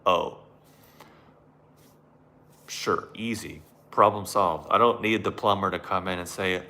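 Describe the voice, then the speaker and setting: A man's voice: low voice, slow, pauses often, sharp tone. A man giving a sardonic monologue on spirituality and self-help, mocking it and acting out the voices he quotes.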